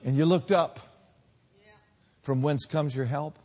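A man preaching a sermon, swinging between loud drawn-out peaks and quiet low lines. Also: fairly even intonation.

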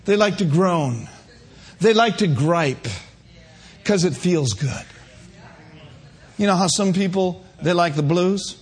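A man's voice: high voice, slightly rough. A man preaching a sermon, emphatic and humorous, calling out to his congregation.

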